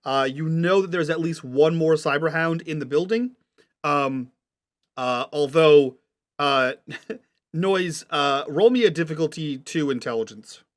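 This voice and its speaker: A man's voice: fairly high pitch, measured pace. A man narrating a tabletop game as game master, describing scenes patiently and checking what the players mean.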